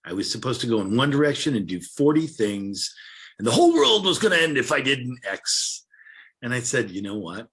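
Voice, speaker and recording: A man sharing his story at an online recovery meeting, halting and emotional, close to tears, with many restarts, heard over a video call. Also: mid-range voice, sing-song, a bit bright, breathy edge. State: teary.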